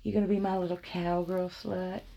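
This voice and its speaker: A woman voicing a domineering adult male cowboy lover in a low, teasing, commanding murmur. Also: flat delivery, normal speed, gravelly, mellow.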